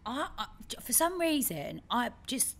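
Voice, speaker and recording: A woman co-hosting a podcast, telling a story in a lively way and acting out other people's lines. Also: high voice, unhurried. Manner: animated storyteller, acts out her dad's lines. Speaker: podcast co-host. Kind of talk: casual chat, storytelling.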